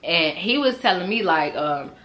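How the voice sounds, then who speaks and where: Bright-voiced young woman telling a storytime. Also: lowish voice, moderate pace. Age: young adult. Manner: animated, laughing, swearing freely; talks straight to viewers. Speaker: storytime vlogger. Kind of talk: casual storytime.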